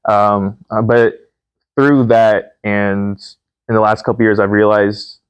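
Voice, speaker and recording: A man's voice: fairly low pitch, level tone, slow pace, clean tone, no room sound. A man in his twenties, a guest talking candidly and thoughtfully with many hesitations. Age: 20s. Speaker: podcast guest, son. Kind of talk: casual conversation.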